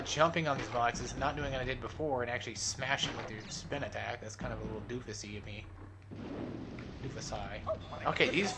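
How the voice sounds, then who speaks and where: A young man with a mid-pitched voice talks over his gameplay in a loose, rambling way. He mocks himself, swears and laughs often, speaking into a desktop microphone. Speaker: let's play host. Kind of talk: casual gameplay commentary.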